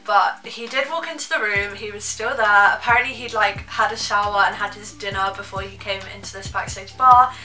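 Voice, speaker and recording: A woman's voice: medium pitch, a little fast, hardly any pauses, sharp tone, echoey room, far from the mic, faint music behind, low-quality recording. A young woman telling a casual storytime, chatty and full of "like". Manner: chatty, heavy use of "like". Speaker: vlogger.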